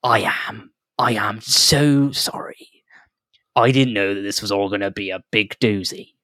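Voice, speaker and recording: A man's voice: lowish voice, measured pace, bright, forceful tone, no echo, clean studio sound. A man voicing a nervous, chatty male halfling prospector who rambles and apologizes with stammers. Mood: apologetic.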